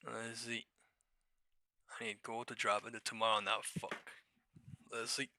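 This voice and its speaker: Excitable, profane stock streamer guy. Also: mid-range voice, unhurried, a little hiss or hum. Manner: profane, excitable, laughs and shouts at market moves. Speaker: live stock trading streamer. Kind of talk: live-stream market commentary.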